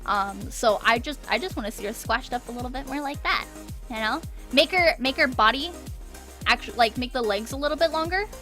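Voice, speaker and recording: A woman's voice: on the high side, brisk, pushed and bright, faint music behind. A woman streaming a live art critique, encouraging, often checking in with "okay?" and repeating words for emphasis.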